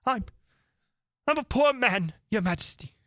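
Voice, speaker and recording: A man's voice: high-pitched, normal speed, a bit bright, no room sound, studio quality, pitched above the performer's own voice. A man voicing a nervous, stammering hat-maker in a storybook reading. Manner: stammering, anxious.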